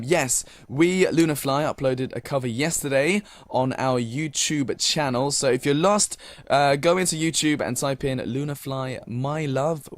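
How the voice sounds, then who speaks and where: A young British man as a radio DJ, reading listener messages in a polite, casual way with many fillers. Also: mid-range voice. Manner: polite, filler-heavy, many thank-yous.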